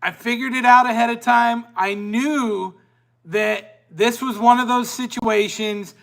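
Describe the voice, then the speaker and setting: High, gravelly-voiced man telling a story. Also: measured pace. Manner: animated, rambling, self-interrupting. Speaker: podcast host. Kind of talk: casual storytelling.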